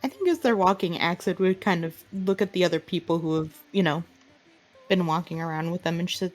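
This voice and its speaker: A woman's voice: lowish voice, brisk, soft background music, low-quality recording. A woman player casually narrating her character's actions in a tabletop game.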